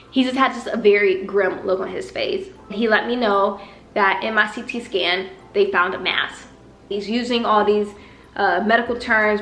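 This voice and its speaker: A young woman with a slight Southern country accent tells a personal story in a vlog, acting out the people in it with lively put-on voices. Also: medium pitch. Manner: animated, acts out dialogue with exaggerated voices. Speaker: vlogger. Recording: echoey room with faint music.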